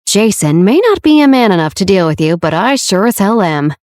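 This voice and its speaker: A woman's voice: medium pitch, sing-song, a little fast, a little mellow, dry recording, close to an everyday voice. A woman voicing a vile, vindictive male manor doorman who sneers at visitors, read in a dry, close audiobook voice. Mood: menacing. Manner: sneering, leering, then cowed.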